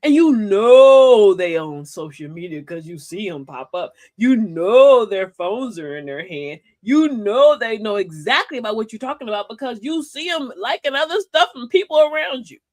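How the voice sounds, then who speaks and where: A woman's voice: fairly high pitch, expressive, normal speed, few pauses, darkish tone. An older woman hosting a live-stream talk, giving life advice emphatically, telling stories and calling listeners baby and y'all. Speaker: host of a live advice show.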